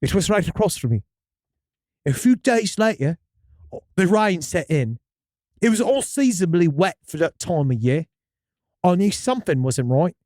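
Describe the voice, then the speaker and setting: Man doing an English-accented storyteller, high and dry, earnest and dramatic. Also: very animated, normal speed, long pauses, darkish tone, no room sound. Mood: spooky storytelling. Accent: put-on English accent. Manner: storyteller, slipping into dramatic outbursts. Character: man telling a childhood Mothman sighting. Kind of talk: reading a listener story aloud.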